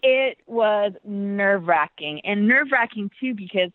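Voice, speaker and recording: A woman dancer telling a story in an interview, animated, acting out the voices she quotes and laughing often. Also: medium pitch, measured pace, a little hiss or hum. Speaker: guest dancer. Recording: tinny phone-like line, dry.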